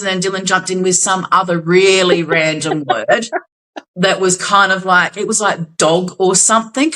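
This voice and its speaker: A woman's voice: fairly low pitch, fairly even intonation, moderate pace, a bit bright, low-quality recording. A young Australian woman co-hosting a podcast, telling a gig story in casual chat, acting out quotes and swearing casually. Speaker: podcast co-host.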